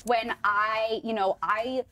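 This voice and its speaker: Chatty woman host, slightly high voice. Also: steady tone, slow, bright, forceful tone. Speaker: podcast host. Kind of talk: casual interview chat.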